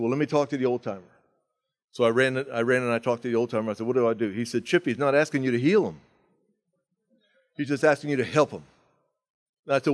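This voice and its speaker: Animated man telling a recovery story. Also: medium pitch. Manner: animated, wide swings from loud to hushed. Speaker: recovery meeting speaker. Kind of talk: storytelling talk.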